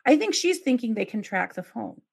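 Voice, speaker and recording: A woman's voice: fairly high pitch, sing-song, brisk, gravelly, a little mellow, slightly rough. A woman hosting a podcast, retelling a true crime case and acting out the quoted calls with outraged asides. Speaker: podcast host.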